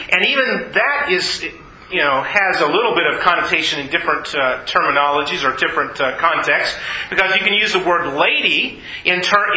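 A man's voice: high-pitched, pushed and bright. A man preaching a Bible teaching sermon, explaining things in a patient, teacherly way. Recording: roomy echoey room.

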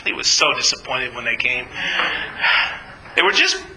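A man's voice: medium pitch, wildly swooping pitch, normal speed, bright, forceful tone, echoey room, slight background noise, rough recording. A man teaching an informal Bible study to a class, asking questions and then answering them himself.

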